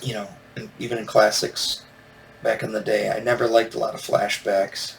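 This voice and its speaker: A man's voice: fairly low pitch, level tone, normal speed, vocal fry. A man hosting a solo comics review podcast, talking casually and rambling, with lots of fillers and restarts. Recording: distant from the mic with faint noise.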